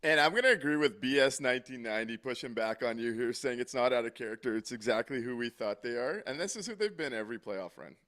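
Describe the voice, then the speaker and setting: A man's voice: medium pitch, animated, fast, hardly any pauses, fairly bright tone. A man co-hosting a sports call-in show with a mid-range voice. He talks casually and bluntly, with an exasperated edge. He swears now and then without holding back. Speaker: co-host of a call-in hockey post-game show. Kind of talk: casual chat.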